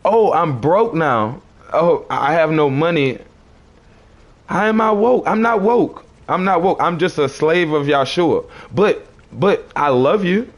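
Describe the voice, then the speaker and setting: A man's voice: on the high side, animated, takes it slowly. A man on a livestream, arguing with chat commenters in a preachy, confrontational way and repeating his phrases.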